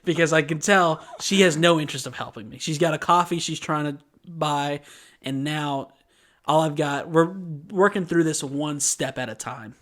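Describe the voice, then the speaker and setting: A man co-hosting a podcast, chatting casually and telling a story with lively acted-out voices. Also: on the high side, moderate pace. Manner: animated storyteller, acts out quoted voices. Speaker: podcast co-host.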